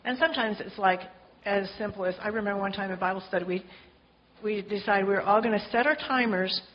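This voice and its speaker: A woman's voice: medium pitch, fast talker. A woman leading an informal church group discussion, chatty and encouraging, asking the group to chime in. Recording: dull lo-fi sound with faint noise.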